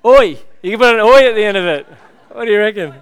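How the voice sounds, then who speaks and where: A man's voice: high voice, rapid-fire, a bit bright, clean tone, no echo, a faint crowd. A man preaching a sermon, chatty and joking with the congregation. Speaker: pastor.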